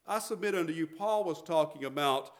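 A man's voice: a little high, brisk. A middle-aged man, preaching a sermon as pastor, emphatic and repetitive.

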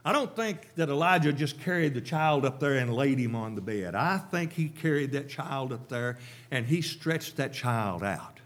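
A man's voice: medium pitch, expressive, moderate pace. A man preaching a sermon, emphatic and repetitive, with rhetorical questions to the congregation.

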